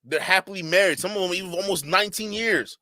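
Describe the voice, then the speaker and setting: A man's voice: high-pitched, fast talker, bright, forceful tone, dry recording, clean studio sound. A man giving a blunt, profane reaction commentary, with mocking asides and bursts of laughter. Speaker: streamer commentator.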